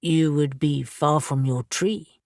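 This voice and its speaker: A composed, reassuring winged man, as a woman narrator voices him in an audiobook. He speaks slowly, in a low, steady tone that stays matter-of-fact. The recording is close and dry. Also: no room sound.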